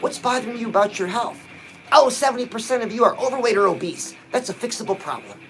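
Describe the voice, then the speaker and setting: Guy hyping up his viewers, pep talk style, keeps saying oh, soft music in the back. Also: very high-pitched, lively intonation, fast, low-quality recording. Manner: punchy, exhorting, peppered with "oh". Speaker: motivational livestream host.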